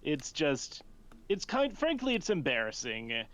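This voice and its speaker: High, slow-talking giggly man. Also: wildly swooping pitch, fairly bright tone, a little hiss or hum, low-quality recording. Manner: giggly, laughs often. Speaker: player. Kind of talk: playing a tabletop game.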